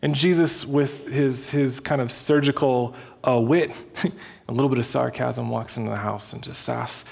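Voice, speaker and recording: A male pastor preaching in a casual, animated storytelling way, with frequent restarts and filler words. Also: mid-range voice, moderate pace, vocal fry. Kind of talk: sermon.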